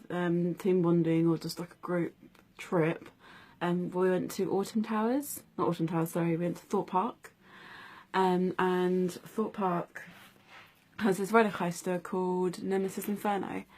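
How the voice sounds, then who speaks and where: A woman in her twenties telling a personal story in a vlog, speaking softly and hesitantly with many pauses and fillers. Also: on the low side. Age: 20s. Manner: hesitant, many ums, soft-spoken. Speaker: vlogger.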